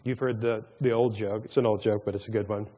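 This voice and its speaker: A man with a fairly low, warm voice speaks quickly in a steady tone while teaching a Bible study sermon. He tells stories and jokes, often stammering and repeating words as he goes, and a long hall reverb surrounds him.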